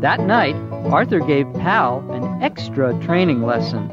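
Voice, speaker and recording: A woman reading a children's storybook aloud, slow, clear and expressive. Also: sits low. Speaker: storybook reader. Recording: muffled audio with music behind.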